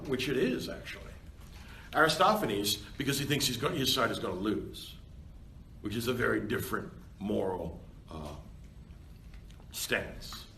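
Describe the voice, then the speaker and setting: A male university lecturer giving a seminar lecture in an animated, conversational way, often checking in with his students. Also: medium pitch, far from the mic. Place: seminar classroom. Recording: roomy classroom with faint background noise.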